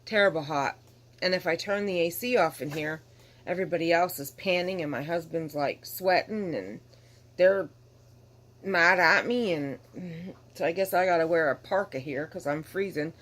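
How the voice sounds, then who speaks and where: Tired, rambling low-voiced woman vlogger. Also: moderate pace. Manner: rambling, candid, apologetic, yawning. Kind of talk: casual vlog chat to camera.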